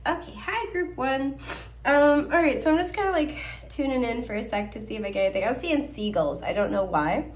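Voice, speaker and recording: A woman's voice: fairly high pitch, expressive, brisk. A young woman hosting a casual tarot reading, chatty and full of fillers and small laughs, her voice scratchy from allergies. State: scratchy voice, coughing. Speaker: tarot card reader. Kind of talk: casual pick-a-card reading.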